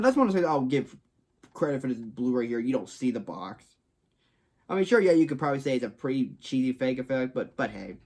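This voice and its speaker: A man's voice: medium pitch, darkish tone. A man from Texas giving a casual movie review to camera, rambling and repeating himself, with frequent restarts. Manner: rambling, repetitive, frequent restarts and stock phrases. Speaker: film reviewer. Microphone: talking to camera.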